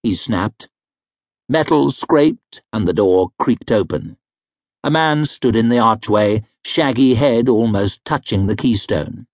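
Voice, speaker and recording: A man narrating a fantasy novel in a measured, wry storytelling manner, close to a studio mic. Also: mid-range voice, animated, no room sound. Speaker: audiobook narrator.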